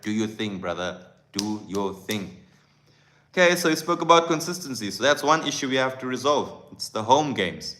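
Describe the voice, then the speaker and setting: A man hosting a live fan stream, with a bright, forceful voice at a middle pitch. He talks with passion in a loose, chatty way and greets viewers by name. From South Africa. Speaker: football channel host.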